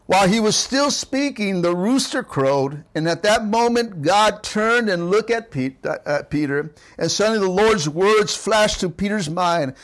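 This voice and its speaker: Male pastor, high voice, preaching an online sermon, exhorting and call-and-response. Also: expressive, unhurried, hardly any pauses, fairly bright tone. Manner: calls for audience response, repetitive and exhorting. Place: church service streamed online.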